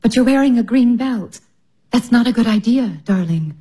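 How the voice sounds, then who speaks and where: An actress playing a kindly but candid elder sister who speaks gently and frankly, in a radio drama. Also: female voice, a little high, animated, normal speed, husky.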